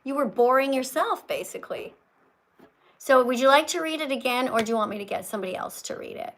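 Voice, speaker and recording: A woman's voice: high-pitched, expressive, fast, fairly bright tone, a little hiss or hum, poor audio. A woman hosting a livestream, lecturing a caller in an emphatic, scolding, preachy way. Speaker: livestream host teaching veganism.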